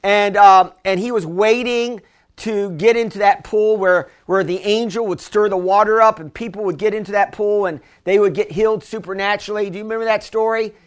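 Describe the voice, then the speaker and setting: A man's voice: high voice, steady tone, brisk, smooth. A man preaching a sermon to his church, talking in a loose conversational way with many restarts and asides, building to emphatic calls. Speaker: pastor.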